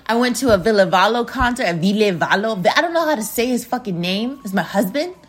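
A woman hosting her own podcast, talking in a loose, rambling monologue full of swearing and shout-outs to listeners. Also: medium pitch, animated, brisk, breathy edge. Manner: profane, rambling, jokey. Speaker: podcast host. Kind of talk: casual monologue.

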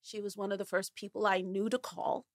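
A woman guest telling a candid personal story in an animated, dramatic way, acting out the voices in it. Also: medium pitch, a little fast, no room sound, studio quality. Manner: animated, dramatic, acts out voices in her stories.

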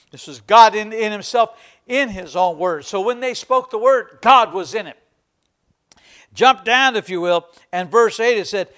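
A man's voice: high-pitched, fairly bright tone. A man preaching a sermon as pastor, fervent and emphatic, repeating phrases for stress.

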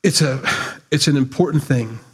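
A man's voice: mid-range voice, normal speed, husky. A man preaching a sermon, reading scripture and explaining it in a blunt, conversational, teasing way. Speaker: pastor.

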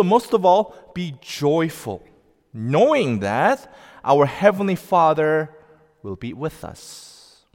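Man, pastor, sermon, unhurried, emphatic, lively sweeping intonation, long church reverb. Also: a little high. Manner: slow, deliberate, emphatic preaching with rising outbursts. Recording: long reverb of a large hall.

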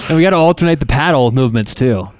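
A man co-hosting a casual sports podcast, telling animated stories and mimicking fans. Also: mid-range voice, fast talker, no echo, studio quality. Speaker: podcast co-host.

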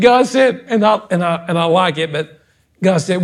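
A male pastor with a notably high voice preaches in a church. His delivery is scolding and fervent, swinging from low rebukes to loud, insistent calls. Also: lively intonation, moderate pace. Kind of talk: sermon. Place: church sanctuary.

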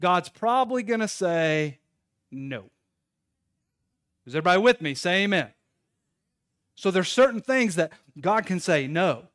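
A man's voice: sits high, expressive, moderate pace, fairly bright tone, no room sound, clean studio sound. A man in his thirties, a pastor, preaching a sermon in a conversational storytelling way to his congregation.

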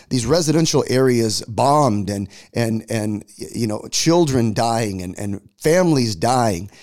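Pastor guy ranting about politics, emphatic, keeps repeating himself, middle pitch. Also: darkish tone. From United States. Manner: emphatic, repeats words as he builds a point. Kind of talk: impassioned political commentary monologue.

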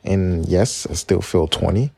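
A man's voice: low-pitched, measured pace, gravelly, a little mellow, breathy edge, no echo. A man in his late twenties from Maryland, hosting a casual solo podcast and telling stories in a chatty, rambling way with self-corrections. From Maryland, United States. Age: 20s. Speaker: podcast host.

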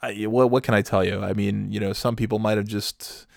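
Man spinning a profane, exasperated workplace story; gravelly low voice, dry sound. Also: fairly even intonation, fairly quick, dry recording. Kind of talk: casual comic anecdote.

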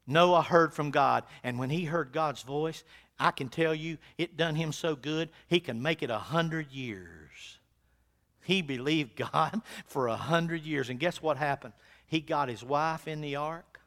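A male pastor preaching a sermon in a church, with folksy phrasing, swinging from hushed asides to loud, fervent calls. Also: a little high, a little slow. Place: church sanctuary.

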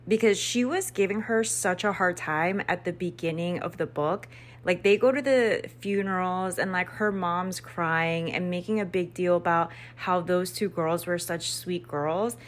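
Low-voiced woman gossiping through a book recap, loose and slangy. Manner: chatty, slangy, peppered with "like" and swearing. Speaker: book reviewer.

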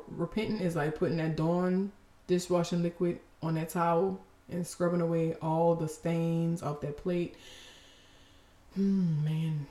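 Woman podcast host, lower voice, heartfelt and expressive, roomy echo. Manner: emotional, expressive, teary laughter. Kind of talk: faith podcast talk.

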